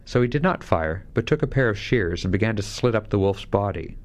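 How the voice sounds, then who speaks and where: Low-voiced man reading a fairy tale. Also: expressive, fairly quick. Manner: shifts voice lightly for each character. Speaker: narrator.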